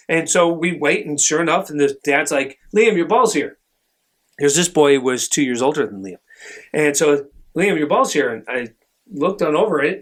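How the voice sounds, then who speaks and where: Earnest, animated male podcast host. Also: fairly high pitch. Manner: earnest and animated, acting out quoted voices. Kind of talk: reflective storytelling monologue.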